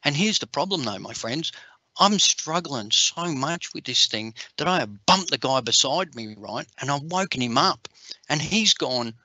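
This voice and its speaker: A man's voice: a little high, lively intonation, a little slow, sharp tone, no echo, low-quality recording. A middle-aged Australian man, a comedian hosting an online workshop, telling chatty stories full of "you know" fillers.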